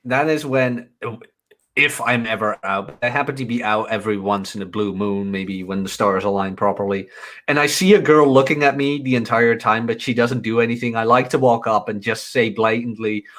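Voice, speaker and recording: A man's voice: medium pitch, steady tone, normal speed, fairly bright tone. A man with a British-sounding accent, a guest in casual chat, with a dry, self-mocking humor. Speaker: guest, fellow video maker.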